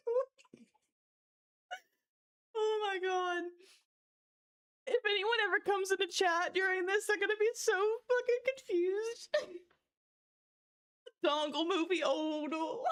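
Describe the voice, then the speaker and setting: High-voiced woman streamer, unhurried. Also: fairly bright tone. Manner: breaks into giggles while reading chat jokes aloud; exclaims and protests in short bursts. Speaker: livestreamer. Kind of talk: casual livestream chat.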